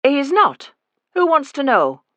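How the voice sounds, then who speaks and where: Man reading as a mother, sullen and suspicious, high and shrill, loud and pushy, audiobook voice, dry close sound. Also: huge pitch swings, a little slow, dry recording, full character voice. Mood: hostile. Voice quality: sharp, high and combative. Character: sullen older working-class mother, suspicious and protective. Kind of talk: audiobook character voice.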